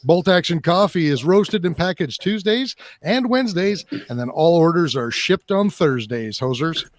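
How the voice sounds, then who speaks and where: A man's voice: on the high side, animated, normal speed, dry recording, natural voice. A man doing a joking, exaggerated Canadian accent while reading a sponsor ad. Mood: mock-folksy. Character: man hamming up a folksy Canadian ad-reader. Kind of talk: jokey ad read.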